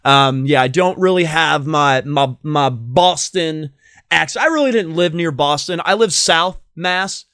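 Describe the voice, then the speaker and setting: A man's voice: fairly high pitch, a little slow, bright, forceful tone, smooth, no echo, studio quality. A man from Massachusetts hosting a casual podcast chat, playful and chatty, laughing often and rambling with fillers. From Massachusetts, USA. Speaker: podcast host.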